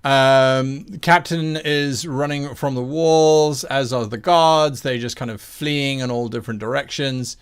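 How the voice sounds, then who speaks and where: A man running a tabletop game as game master, narrating scenes in a measured way with fillers. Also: mid-range voice, steady tone, smooth.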